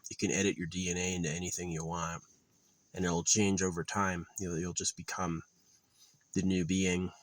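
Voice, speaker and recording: Low-voiced guy ranting and cursing a lot, rambling casual vlog, dry close sound. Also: little pitch movement, moderate pace, no room sound. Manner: profane, rambling, gets loud and heated when ranting. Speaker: vlogger.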